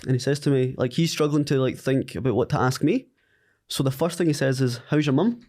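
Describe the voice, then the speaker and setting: A man's voice: medium pitch, a little fast, a little mellow. A Scottish man, a podcast guest, telling a story in casual chat and acting out the dialogue. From Scotland.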